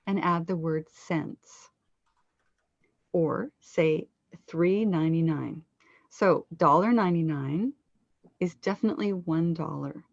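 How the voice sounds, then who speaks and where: A woman coach giving a scripted webinar lesson on pronunciation, slowing down to stress numbers for clarity. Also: lowish voice, gravelly, no room sound. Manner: slow deliberate stress on numbers for teaching. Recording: dull lo-fi dry recording.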